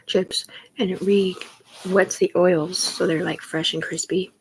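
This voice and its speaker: A woman's voice: fairly low pitch, measured pace, husky, low-quality recording. A woman chatting casually on a live stream, rambling from topic to topic and often dropping into an unvoiced whisper. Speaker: livestreamer. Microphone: phone or webcam on a live stream.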